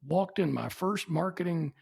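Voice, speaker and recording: A man's voice: fairly high pitch, moderate pace, vocal fry, breathy edge. A man, telling anecdotes as a podcast guest and acting out the people he quotes. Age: 70s. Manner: animated, acts out quoted people. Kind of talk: anecdotal storytelling.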